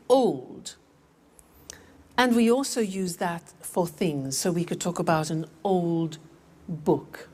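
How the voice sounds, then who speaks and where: A woman teaching English vocabulary, repeating words slowly and clearly for learners. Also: medium pitch, a little mellow. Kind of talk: slow, clear language lesson.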